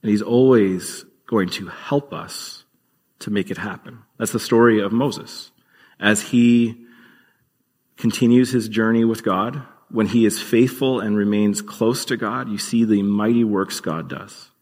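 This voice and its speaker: A man's voice: on the low side, steady tone, unhurried, a little mellow, in a large hall. A man preaching a sermon as pastor, earnest and conversational, with occasional fillers.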